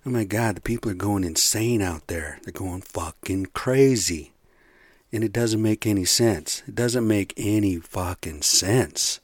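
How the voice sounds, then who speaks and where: A man's voice: fairly low pitch, unhurried, dry recording. A man hosting a solo podcast, ranting in a profane, rambling, heated way from his bedroom. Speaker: podcast host.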